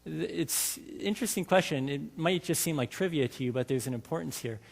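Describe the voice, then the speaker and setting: A man's voice: on the high side, fairly quick, creaky. A man preaching a sermon in a church, talking to the congregation in a conversational way and asking them many questions. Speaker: lay preacher. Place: church sanctuary. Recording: hall reverb from a church.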